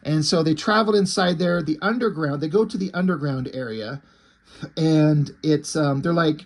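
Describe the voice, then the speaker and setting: A man's voice: on the high side, normal speed. Man recapping a comic, casual and profane. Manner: casual and profane, with many fillers and restarts. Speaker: comic book reviewer.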